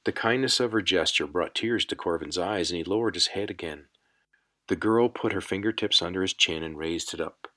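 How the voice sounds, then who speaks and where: Deep-voiced male audiobook narrator. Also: brisk, pushed and bright. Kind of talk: scripted narration.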